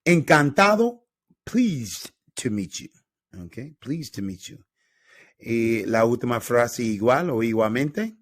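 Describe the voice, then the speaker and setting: A man from North Carolina teaching a beginner Spanish lesson, upbeat and repeating phrases slowly for learners. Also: medium pitch, no echo, clean studio sound. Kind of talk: classroom-style language lesson.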